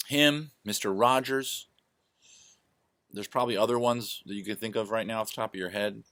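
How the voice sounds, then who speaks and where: A man's voice: fairly low pitch, moderate pace, fairly bright tone, no room sound, studio quality. A man chatting casually to camera at home through his laptop mic, rambling and joking at his own expense. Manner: rambling, self-deprecating, full of digressions. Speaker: vlogger. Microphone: laptop microphone.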